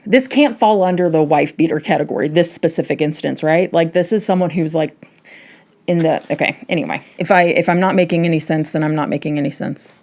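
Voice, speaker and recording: A woman's voice: low voice, fairly quick, a little mellow. A woman hosting a history video, reading from a memoir and adding rambling, casual commentary.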